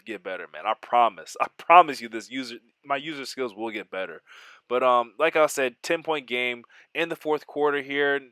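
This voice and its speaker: A man giving excitable play-by-play of his own football video game, mixing in joking, self-deprecating asides. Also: on the high side, clean tone, dry recording. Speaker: gaming YouTuber.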